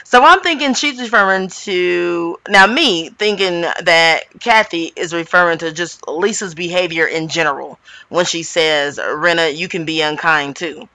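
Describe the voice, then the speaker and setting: A reality TV recap host giving sassy, animated gossip commentary with dramatic asides. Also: medium pitch, dry recording.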